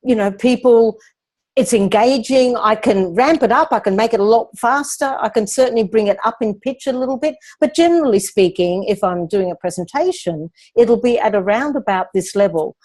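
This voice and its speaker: A woman speaking coach explains her ideas in a calm, measured way. Her voice sits a little low and rounded. She teaches patiently, as in a question-and-answer session. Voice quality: lowish, resonant speaking voice.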